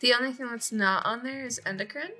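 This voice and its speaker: Bright, husky woman teasing her partner. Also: a little high, quick pace, soft background music. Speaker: co-player and partner. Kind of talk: casual chat while playing a video game.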